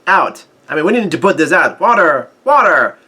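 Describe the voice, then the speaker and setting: A flustered male skeleton musician from a comic cries out about the fire, as a man reads his lines. The voice is bright and a touch high, with a plain reading delivery. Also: sing-song, moderate pace, husky, full character voice. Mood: alarmed.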